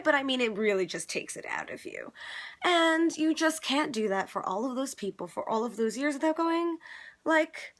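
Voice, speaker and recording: A woman's voice: on the high side, a bit bright. A woman comedian talking in a casual vlog from her bedroom, chatty and swearing freely, building up to passionate emphasis. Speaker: comedian vlogger. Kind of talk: casual bedtime vlog monologue.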